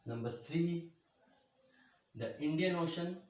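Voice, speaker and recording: A male school teacher giving a geography lesson, speaking slowly, repeating words and spelling them out letter by letter, with frequent checks of "okay?". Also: a little high, darkish tone. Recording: echoey room.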